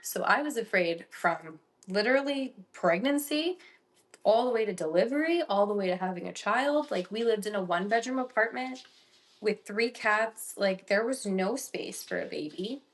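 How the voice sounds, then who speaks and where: A woman's voice: medium pitch, animated, moderate pace. A young woman co-hosting a casual podcast, telling a personal story animatedly with lots of "like" fillers. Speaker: podcast co-host.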